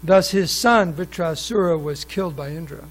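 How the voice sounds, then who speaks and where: At a moderate pace and fairly high pitch, a man gives a scripture class in a temple hall, reading passages and adding asides and questions for those present. He restarts his sentences often and leans on fillers. The recording is rough.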